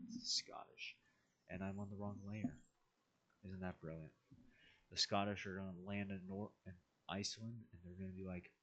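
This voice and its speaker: A man's voice: sits low, pushed and bright. A man casually narrating an alternate history map timeline, rambling with wry asides and self-corrections.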